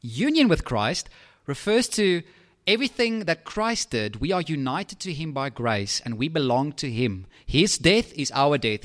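A man preaching a sermon in a lively, conversational way, with asides to his listeners. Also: a little high.

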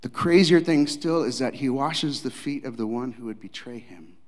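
A male pastor preaching a dramatic sermon, acting out scenes, swinging from loud to hushed. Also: medium pitch, normal speed, big-room sound.

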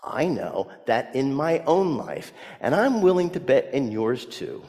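A male pastor preaching a sermon, telling a story and swinging from hushed words to loud emphasis. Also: medium pitch, sing-song, a little slow, long reverb tail.

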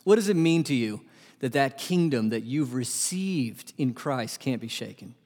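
A man preaching a sermon as pastor, animated and asking his congregation questions. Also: mid-range voice, a little slow. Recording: long hall reverb.

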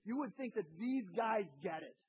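Husky-voiced pastor preaching, phone-like sound. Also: male voice, high voice, moderate pace. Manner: animated, acts out voices of people in the story. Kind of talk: sermon.

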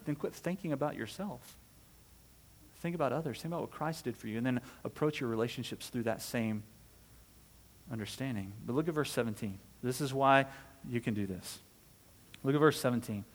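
A man's voice: medium pitch, fairly quick, in a large hall. A man delivering a sermon as a pastor, conversational and full of rhetorical questions, often checking in with "right?".

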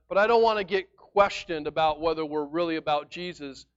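Guy preaching a sermon, pretty high smooth voice, chatty and emphatic, kinda muffled recording. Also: fairly even intonation, a little fast, hardly any pauses. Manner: emphatic and conversational, shifting between loud and quiet. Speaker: pastor.

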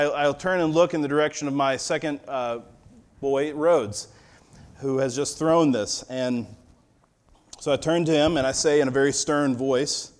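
A male pastor in his thirties reading scripture, then preaching in a relaxed storytelling way with a fatherly touch of humor. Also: on the high side. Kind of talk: sermon.

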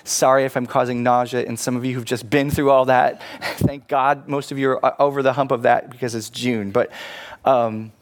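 A pastor preaching to his congregation, telling a story in a lively, animated way and speaking to listeners directly. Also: mid-range voice, moderate pace. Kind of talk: sermon.

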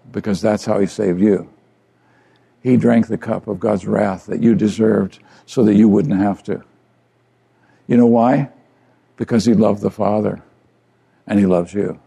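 An older man, a pastor delivering an earnest, conversational sermon with a gravelly voice and repeated phrases. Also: on the low side, dark tone.

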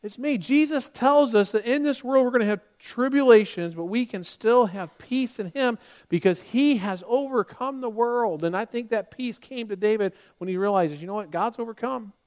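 A male pastor preaching a sermon, emphatic and swinging between loud passages and hushed ones. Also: very high-pitched, normal speed.

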